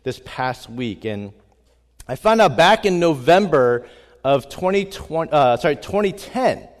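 A middle-aged man, hoarse, preaching and praying earnestly as a family pastor in a recorded sermon. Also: a little high, sing-song, measured pace. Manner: earnest, frequent fillers, prays with repeated "God". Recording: long hall reverb.

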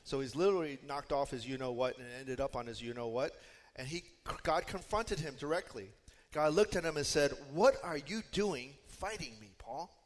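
A man preaching a sermon as pastor, conversational and explanatory, with frequent fillers and asides. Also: medium pitch. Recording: long hall reverb.

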